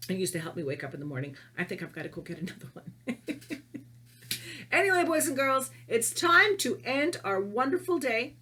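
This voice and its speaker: A woman's voice: a little high, sing-song, moderate pace, bright, forceful tone, husky. A middle-aged woman teacher giving a playful video lesson to young children, laughing often and reading tongue twisters in a sing-song way.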